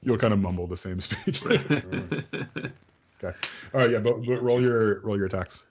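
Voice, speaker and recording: A man's voice: fairly low pitch, unhurried, lo-fi sound. A man running a tabletop game as game master, describing scenes loosely with many fillers.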